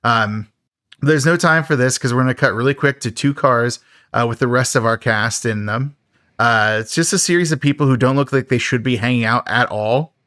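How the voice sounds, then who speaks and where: A man's voice: medium pitch, moderate pace, bright, forceful tone, no room sound, studio quality. A man co-hosting a podcast, casually recapping a schlocky horror film with jokes and frequent laughter. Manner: jokey, laughing often. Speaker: podcast co-host. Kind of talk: casual movie recap chat.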